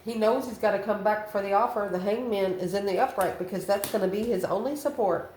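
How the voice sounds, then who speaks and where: A woman's voice: medium pitch, fairly quick, darkish tone. A woman reading tarot cards in a loose, chatty way, calling the listener honey and laughing between cards. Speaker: tarot reader. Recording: roomy echo, faint ambient noise.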